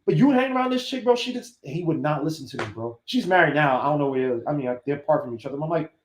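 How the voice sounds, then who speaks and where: Animated high-voiced man in a roomy room. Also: quick pace, slight background noise. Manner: animated storytelling, acts out quoted voices. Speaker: podcast host. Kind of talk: casual podcast chat. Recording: roomy echo.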